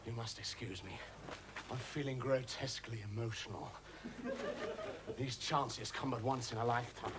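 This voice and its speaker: An actor playing a manic, mischievous male impostor in a stage comedy, impish and quick to switch voices, playing to the audience. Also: medium pitch, fairly even intonation, background noise, lightly acted. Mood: gleeful scheming.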